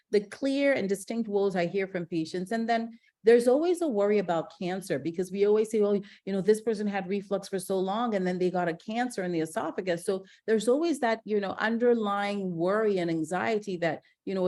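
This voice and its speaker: A middle-aged woman from Ghana, a gastroenterologist giving a lively online masterclass, chatty and energetic, with fillers and restarts. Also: mid-range voice. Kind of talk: live online masterclass talk.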